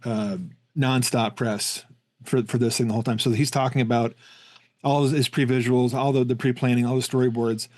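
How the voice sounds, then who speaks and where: A man's voice: medium pitch, flat delivery, moderate pace, a little mellow. A man hosting a film podcast in casual discussion, rambling with many restarts and repeated words. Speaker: podcast host.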